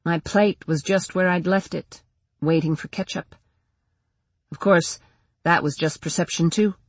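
A woman narrating a first-person audiobook in a measured, tense way. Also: lowish voice, steady tone, slightly rough, dry recording.

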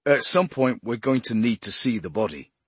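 A dogged, stubborn male detective presses his point, half muttering, read by a male narrator. The voice is husky and close, with a dry audiobook sound. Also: mid-range voice, lively intonation, moderate pace, fairly bright tone, no room sound. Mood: insistent. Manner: insistent, muttering.

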